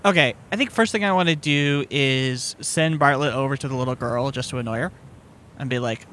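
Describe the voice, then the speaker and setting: Easygoing bright-voiced man at a tabletop game. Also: mid-range voice, fairly quick. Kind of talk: casual tabletop play.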